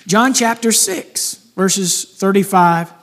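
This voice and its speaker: A man's voice: high-pitched, slow, fairly bright tone. A male pastor delivering a sermon, emphatic and rising to fervent peaks as he reads scripture and quotes. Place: church sanctuary. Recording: long hall reverb.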